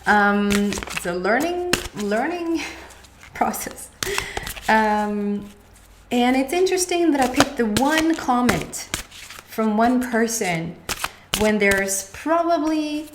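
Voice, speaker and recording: A woman's voice: a little high, animated, takes it slowly. A woman tarot card reader talking casually to her viewers in a rambling, chatty way, full of restarts and asides. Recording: echoey room with noticeable background noise.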